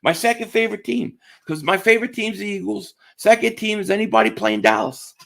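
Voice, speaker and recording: With a high, fairly bright voice, lively intonation and vocal fry, a man talks fairly quickly. He's a sports stream host from the Philadelphia area, casually discussing football on a live stream, greeting chat viewers and repeating himself often.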